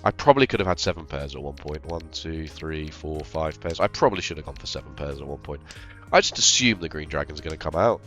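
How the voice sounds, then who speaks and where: A man's voice: rumbling low, quick pace, fairly bright tone, faint music behind. A man, who is ill, casually thinking aloud over his game with rambling, self-deprecating remarks. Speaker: game streamer. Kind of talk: casual gameplay commentary.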